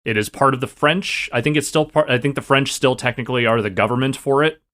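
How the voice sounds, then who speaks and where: Podcast co-host, man, mid-pitched, quick with a joke. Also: sharp tone. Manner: wisecracking. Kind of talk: casual podcast chat.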